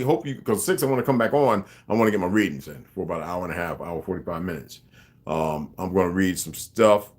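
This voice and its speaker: A man ranting on a livestream to his viewers, emphatic and profane, rambling and greeting chat viewers by name. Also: lowish voice. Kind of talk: unscripted livestream rant.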